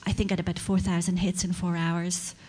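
A woman's voice: fairly low pitch, flat delivery, brisk, warm tone, breathy edge. A woman performing a stand-up comedy set, sardonic and mock-outraged, building into rants.

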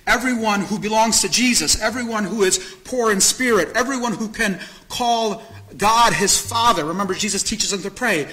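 Bright high-voiced man preaching a sermon. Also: normal speed, low-quality recording. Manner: earnest, repeats phrases for emphasis; candid, self-disclosing. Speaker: pastor.

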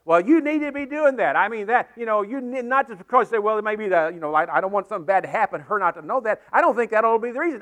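A man's voice: high-pitched, expressive, very fast, few pauses, a bit bright. A man preaching a sermon to his congregation, earnest and repetitive, building to emphatic peaks. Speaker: pastor. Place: church sanctuary with congregation.

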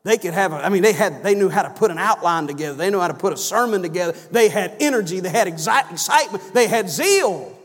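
A man preaching a sermon in church, swinging from loud emphatic cries down to low, soft phrases. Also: fast, few pauses. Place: church sanctuary. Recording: long church reverb.

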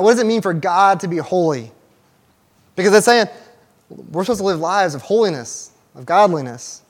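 A young man giving a casual, conversational sermon to a small church group, with restarts and fillers as he talks to the room. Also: on the high side. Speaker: church teacher.

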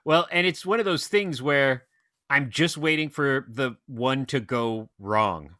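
A man's voice: mid-range voice, no room sound, clean studio sound. A man who runs a movie theater, telling long anecdotes in casual podcast chat. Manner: animated storyteller, quick run-on anecdotes.

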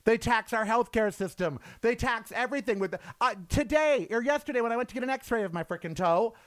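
A middle-aged man hosting his own show, ranting angrily and profanely, swinging from loud outbursts to low, weary asides. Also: a little fast, dry recording. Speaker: show host. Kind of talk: impassioned political rant.

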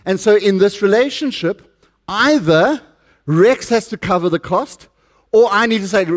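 A man's voice: high voice, expressive, normal speed. A middle-aged man with a South African accent preaching a sermon, chatty and joking with the congregation. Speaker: pastor.

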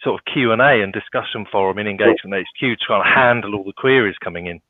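A man in his forties co-hosting a podcast, chatty and quick to laugh. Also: lowish voice, dry recording. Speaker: podcast co-host. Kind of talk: casual chat. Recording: tinny dry phone-line sound.

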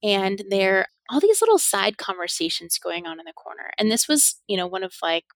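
A woman's voice: mid-range voice, lively intonation, a little fast, dry recording. A middle-aged woman, a podcast guest, telling stories in a casual interview, laughing often and acting out the speech she quotes.

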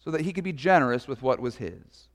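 A man's voice: medium pitch, expressive, quick pace, big-room sound. A man, a pastor, preaching a sermon in a conversational, storytelling way with casual asides.

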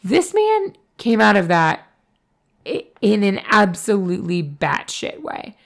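Creaky, hoarse woman chatting bluntly. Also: mid-range voice, sing-song, slow pace. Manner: blunt, sweary, rambling with many fillers. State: hoarse from a cold. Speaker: podcast co-host. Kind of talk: casual chat.

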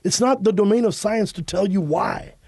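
A comedian from Chicago talks on a podcast, emphatic and animated, with plenty of swearing. His voice sits fairly high for a man. The recording is dry and close. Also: normal speed, slightly rough, dry recording. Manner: animated, emphatic, profane storytelling. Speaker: guest comedian. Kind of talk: podcast conversation.

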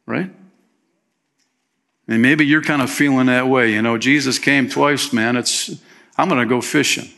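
Bright-voiced man preaching casually. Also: medium pitch, fairly even intonation, a little slow, gravelly, pauses often. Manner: conversational preaching, peppered with "man", acts out quotes. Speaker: pastor. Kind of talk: sermon. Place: church.

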